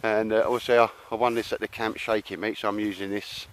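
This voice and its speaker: An older man vlogs from an outdoor campsite, chatting casually to the camera, laughing, rambling with fillers, and calling everyone mate. He talks fairly quickly in a fairly low voice with a level tone.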